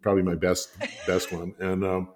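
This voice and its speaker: A man's voice: low voice, monotone, moderate pace, darkish tone, a little hiss or hum. An older man, a guest designer and author, telling stories in a rambling, chuckling way with many fillers. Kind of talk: anecdotal storytelling in conversation.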